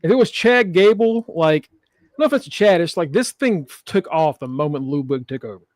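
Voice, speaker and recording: A man with a high voice co-hosts a wrestling podcast, joking and cursing as he recaps the show. He acts out the wrestlers' lines in quotes. The sound is close and dry, with no room around it. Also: expressive, fairly quick, dry recording. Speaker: podcast co-host. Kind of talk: casual wrestling chat.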